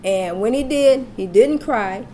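A woman's voice: a little high, measured pace, slight background noise. A woman casually telling a personal story, acting out the voices of the people she quotes. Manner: animated, acts out quoted voices.

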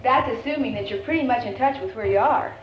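A woman's voice: on the high side, quick pace. A woman leading a live seminar on family communication, talking with her audience in a conversational way and acting out quoted family scenes. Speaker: seminar leader. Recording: echoey lo-fi room recording with faint hiss.

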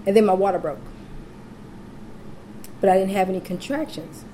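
A woman's voice: mid-range voice, normal speed, a little hiss or hum. A woman casually telling a personal story, acting out the voices of the people she quotes. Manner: animated, acts out quoted voices.

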